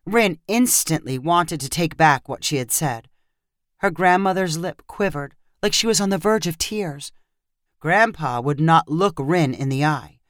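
A woman narrating a short story in a scripted way, expressive and acting out the characters. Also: fairly low pitch, dry recording, studio quality.

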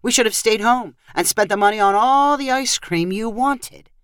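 A woman voicing a calm, generous grandfather. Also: fairly high pitch, normal speed, smooth, no echo, clean studio sound, pitched above the performer's own voice, natural voice. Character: easygoing generous grandfather, chuckling.

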